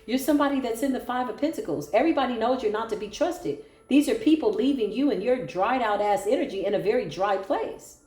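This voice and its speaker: A woman's voice: fairly high pitch, lively intonation, a little fast, few pauses, darkish tone. A woman giving a solo tarot reading, sassy, sarcastic and preachy. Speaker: tarot reader. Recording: echoey room with faint music.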